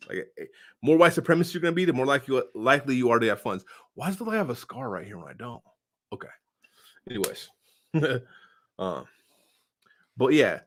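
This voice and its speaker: A man casually answering viewer comments in a loose, slangy, rambling way, full of fillers and sudden swings in loudness. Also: mid-range voice. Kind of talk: casual unscripted political commentary.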